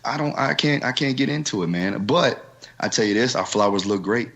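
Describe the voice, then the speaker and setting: A man's voice: medium pitch, expressive, fairly quick, creaky, a bit bright. A man co-hosting a podcast, joking easily and repeating his phrases. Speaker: podcast co-host. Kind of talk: casual banter.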